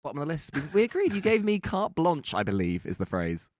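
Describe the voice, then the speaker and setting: A man's voice: a little high, huge pitch swings, fast, a little mellow, no echo, clean studio sound. A young man co-hosting a podcast, chatting casually with a playful, teasing, wry manner. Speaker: podcast co-host. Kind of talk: casual chat.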